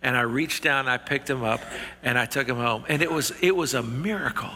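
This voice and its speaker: A man's voice: medium pitch, brisk, bright, forceful tone. A middle-aged man preaching and telling a personal story in a folksy, earnest way, often restarting his words. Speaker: pastor. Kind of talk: storytelling sermon. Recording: long reverb of a hall.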